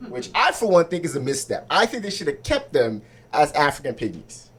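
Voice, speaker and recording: A man with a high voice does stand-up at an open mic. He talks loosely and conversationally, checking in with the crowd again and again. He is heard on a handheld mic on a small club stage. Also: very animated, a little fast, a bit bright, slightly rough. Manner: conversational, asks crowd for agreement. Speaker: stand-up comedian.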